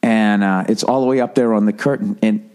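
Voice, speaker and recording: A man's voice: fairly low pitch, steady tone, fairly quick, a little mellow, clear, resonant tone. A middle-aged American man with an American accent, ranting in a profane, rambling, self-mocking comedic monologue as a podcast host.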